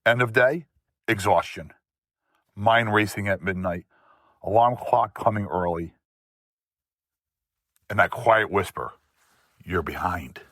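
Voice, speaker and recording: Man, emphatic motivational host, slow measured pace, short rhythmic phrases. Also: on the low side, fairly bright tone, no room sound, clean studio sound. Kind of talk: faith-based motivational monologue.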